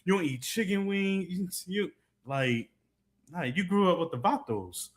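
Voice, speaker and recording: Man, co-host, casual livestream banter, teasing, high pitch, very lively. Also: a little slow. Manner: teasing, laughing, animated.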